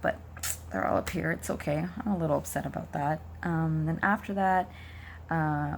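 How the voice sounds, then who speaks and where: A woman's voice: deep voice, gravelly, a little mellow, slight background noise. Chatty young woman streamer, voice worn. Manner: chatty, rambling, frequent ums and likes. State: losing her voice. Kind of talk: casual vlog talk to viewers.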